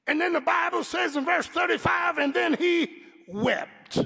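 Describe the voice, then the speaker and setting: A man preaching a sermon as pastor, with call-and-response lines, swinging from quiet talk to shouted peaks. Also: very high-pitched, moderate pace, creaky, in a large hall.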